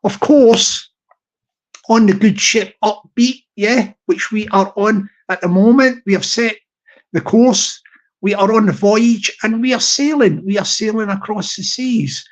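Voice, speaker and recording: A man's voice: high-pitched, a little slow. Rambling upbeat male live-streamer. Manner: repetitive, upbeat, ship-captain pep talk.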